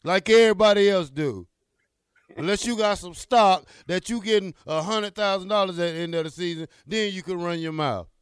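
A high-pitched man in full rant on a sports talk show, fired up and blunt, circling back to the same points again and again. His voice is smooth and clear, recorded dry and close. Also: moderate pace, dry recording. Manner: fired-up, blunt, repetitive ranting. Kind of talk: heated fan rant.

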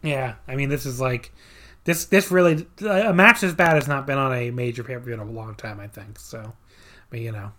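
A man's voice: medium pitch, moderate pace, bright, forceful tone. Sarcastic man reviewing wrestling matches. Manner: sarcastic, dry asides, many fillers. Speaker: podcast host. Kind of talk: casual wrestling review chat.

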